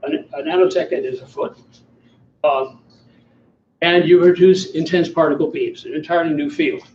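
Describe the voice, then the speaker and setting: A man's voice: fairly high pitch, moderate pace, a little mellow, a little hiss or hum. A man in his seventies from the American South, giving an after-dinner talk with slides and wry, self-deprecating humor. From Southern US (Alabama). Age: 70s. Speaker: guest speaker. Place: banquet hall. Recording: distant, echoey hall, muffled sound.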